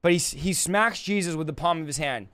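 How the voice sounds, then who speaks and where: A man giving a casual verse-by-verse Bible teaching, paraphrasing in colloquial, animated talk. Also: on the high side, brisk. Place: livestream.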